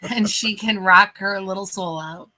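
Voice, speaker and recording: A woman's voice: mid-range voice, steady tone, a little slow, bright, forceful tone. A woman co-hosting a podcast in casual chat, teasing and blunt. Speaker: podcast co-host.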